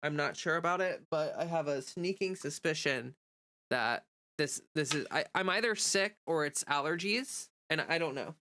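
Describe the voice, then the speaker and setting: A woman's voice: deep voice, lively intonation, moderate pace, bright, forceful tone. A woman with a stuffy, nasal voice from a cold, rambling in casual livestream chat and reading viewer comments. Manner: rambling, chatty, many fillers. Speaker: livestreamer and content creator.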